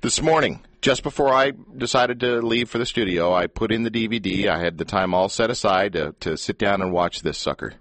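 A man's voice: fairly low pitch, a little fast, few pauses, no echo. A man hosting a radio show, teasing and joking with his guest in a playful interview. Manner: teasing, jokey, animated. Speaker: radio host.

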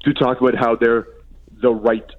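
A man, a guest on a radio show, telling stories in quick, animated casual chat. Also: medium pitch, narrow, tinny audio.

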